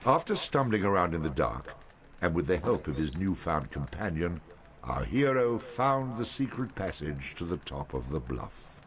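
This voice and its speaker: Casting: a solemn game narrator; very low voice, faint hiss behind. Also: male voice, sing-song, moderate pace. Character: grave male storybook narrator of the game.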